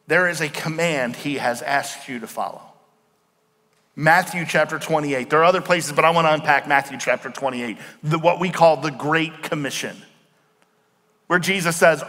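A man preaching a sermon as pastor, explaining words slowly and asking the congregation questions. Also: on the high side, pushed and bright. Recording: long hall reverb.

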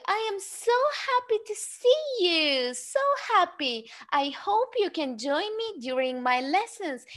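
A young woman teaching English to small children, speaking slowly and cheerfully in an exaggerated, clearly spoken way. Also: very high voice, a bit bright. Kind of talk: sing-song lesson talk to small children.

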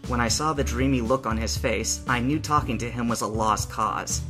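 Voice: medium pitch, normal speed, a bit bright. A reader narrating a fan novel aloud in the first person and giving each character a voice. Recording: faint background music.

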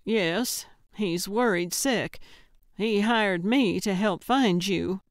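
A woman narrator voicing an older woman amateur detective, stubborn and deadpan. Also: medium pitch, takes it slowly, no echo, clean studio sound, lightly acted. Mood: dry. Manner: deadpan, sarcastic.

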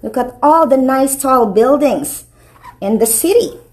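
A woman preschool teacher reading a picture book to young children. She talks slowly and with encouragement, stopping often to ask them questions. Her voice is high and swings around a lot. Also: expressive.

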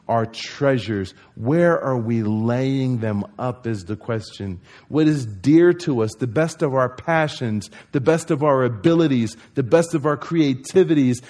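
A pastor from New Jersey preaching a conversational sermon, acting out quoted voices and rising to emphatic peaks. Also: male voice, fairly high pitch, a little mellow.

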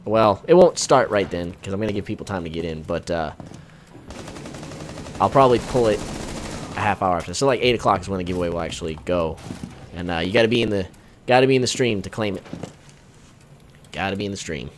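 A young man streaming a video game, chatting casually and rambling, breaking into sudden excited shouts and swearing. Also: sits low, brisk, pauses often, a little hiss or hum. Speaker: gaming streamer. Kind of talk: casual live-stream chat.

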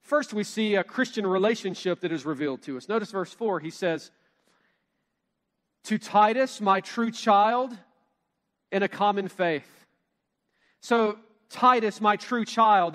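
A man teaching a verse-by-verse Bible study, preaching in an emphatic, measured way and slowing down to stress key phrases. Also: sits high, fairly bright tone, big-room sound.

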